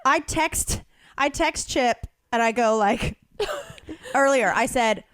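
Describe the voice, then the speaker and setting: A woman, co-hosting a comedy podcast and telling a story in a lively way, acting out her own panicked lines. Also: a little high, slow, smooth, no echo. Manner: animated, acts out her own panicked quotes. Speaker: podcast co-host.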